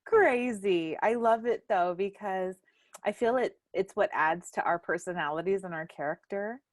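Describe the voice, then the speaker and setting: A young woman hosts a relaxed family chat, telling stories with lots of laughter and loud acted-out quotes. Her voice sits in a middle pitch. It is recorded dry and close, with no room sound. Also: normal speed, no room sound. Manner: animated storyteller, acts out quotes loudly, laughs often. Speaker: podcast host.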